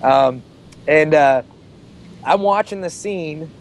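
A man's voice: a little high, takes it slowly, a little hiss or hum. A man co-hosting a podcast, recalling a childhood memory with casual restarts. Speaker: podcast co-host. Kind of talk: casual storytelling over a call.

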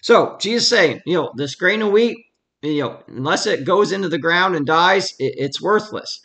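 A man leads a relaxed Bible study from home in a fairly high, bright voice with a gravelly edge. He talks conversationally and then leans hard on the verses he reads aloud. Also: moderate pace. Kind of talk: casual verse-by-verse Bible teaching.

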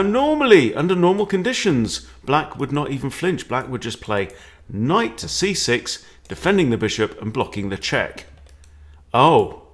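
Playful, animated chess coach. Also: male voice, medium pitch. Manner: playful, animated, jokey with exclamations. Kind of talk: chess lesson walkthrough.

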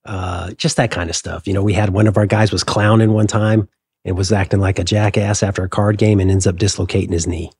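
Low, husky middle-aged male guest. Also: fairly even intonation, darkish tone, dry recording. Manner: measured and hesitant. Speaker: guest, former military pilot. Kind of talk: reflective interview talk.

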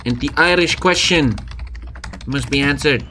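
A man's voice: fairly high pitch, measured pace, sharp tone, a little hiss or hum. A man streaming a strategy game, joking crudely and swearing often. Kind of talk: live game stream commentary.

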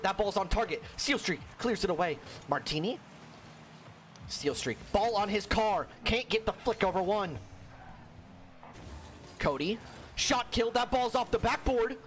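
Young guy casting an esports match, high voice that jumps all over, kinda hoarse, faint hiss behind. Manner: excitable, jokey, frequent exclamations. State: voice worn out. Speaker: esports caster. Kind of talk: solo play-by-play commentary.

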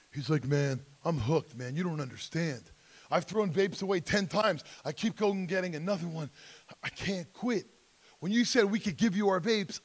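Gravelly man telling stories at an assembly. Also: on the high side, fairly bright tone. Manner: storytelling, acts out other voices, talks to the crowd directly. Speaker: anti-vaping speaker at a school assembly. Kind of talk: animated assembly talk to students. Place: school auditorium or gym.

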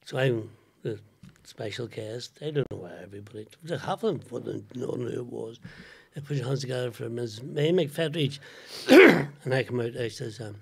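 A man's voice: medium pitch, moderate pace, vocal fry, slightly rough. An older man, a guest comedian chatting casually, laughing often and swearing freely. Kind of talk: casual chat.

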